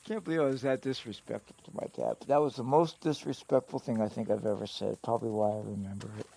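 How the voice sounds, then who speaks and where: A man's voice: medium pitch, steady tone, fast, gravelly, mellow, no echo. A middle-aged man telling stories casually on a live stream, rambling and profane, often chuckling.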